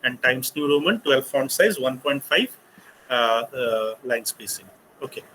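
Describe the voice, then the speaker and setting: A man's voice: mid-range voice, expressive, a little slow, sharp tone, a little hiss or hum, poor audio. A man with an Indian English accent giving a study-abroad talk on a webinar, explaining step by step with many fillers. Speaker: guest speaker on study abroad. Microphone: computer mic on a video call.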